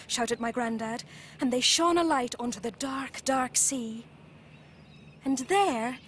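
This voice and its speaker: Expressive British woman telling a kids' story. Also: high voice, slow pace, a little hiss or hum. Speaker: presenter and storyteller. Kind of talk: children's TV storytelling.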